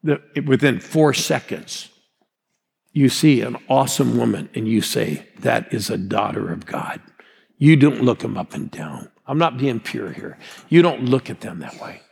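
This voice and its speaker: A man's voice: medium pitch, expressive, normal speed, vocal fry, a little mellow, breathy edge. A man in his sixties preaching a sermon as a pastor, rousing and calling out to the congregation. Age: 60s. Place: large church hall. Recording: long hall reverb.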